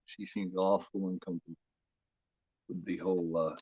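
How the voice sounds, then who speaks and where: A man's voice: low-pitched, level tone, normal speed, slightly rough, no echo, highs cut off. A man hosting a horror film watch-along, chatting in a rambling, profane way, full of "you know" fillers. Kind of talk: casual live commentary.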